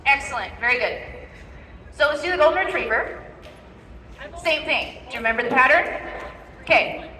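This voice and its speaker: Woman dog trainer leading a live demo, high-pitched and bright, checking in with "okay?", heard from a distance in a reverberant hall. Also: expressive, normal speed, long pauses. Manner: instructive, repeats "okay?" to check in. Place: large indoor expo hall. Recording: echoey hall from far off.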